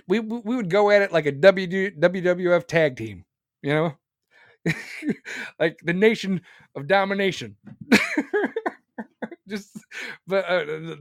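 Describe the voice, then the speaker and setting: Male podcast host, profane political ranter, angry and mocking, slightly high voice, dry close mic. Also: dry recording. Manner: angry, crude, swings into mocking laughter.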